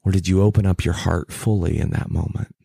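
A man speaks as a guest, sharing a personal story with earnest intensity. His voice sits very low and has a gravelly, creaky texture. The recording is close and dry, with no room sound. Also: fairly quick, mellow, no echo.

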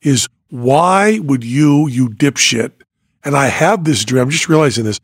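An older man hosting a podcast, telling a story in a lively way, dropping quiet and then rising almost to shouting. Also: mid-range voice, unhurried, husky, no echo, clean studio sound. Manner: animated, swings from quiet to near-shouting when acting out panic. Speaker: podcast host, magician and comedian.

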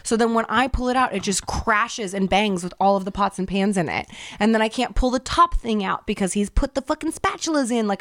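A woman's voice: on the high side, expressive, a little fast, no room sound, studio quality. A woman in her thirties hosting a podcast, telling a story in a casual, exasperated and profane way. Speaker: podcast host.

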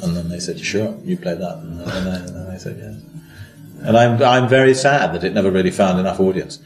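Deep-voiced older man, hesitant and wry. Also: fast, roomy sound, over music. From Britain. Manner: hesitant, self-deprecating, many restarts. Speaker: actor guest. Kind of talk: relaxed interview chat.

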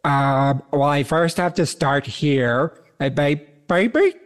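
A man putting on an impression of a slow-witted male astronaut spokesman with an Indian accent, halting and childlike. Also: on the high side, clear, resonant tone. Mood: dopey.

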